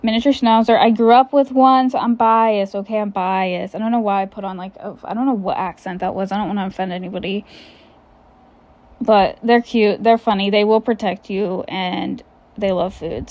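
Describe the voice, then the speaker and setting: A young woman, hosting a casual chat podcast, candid and quick with asides, swearing freely. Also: medium pitch, a little mellow. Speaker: podcast host.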